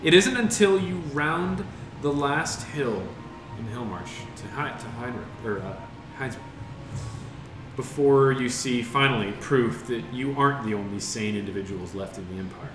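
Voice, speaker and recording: A man's voice: medium pitch, animated, normal speed. A man narrating a tabletop game as game master, describing scenes with frequent fillers. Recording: roomy echo with music behind.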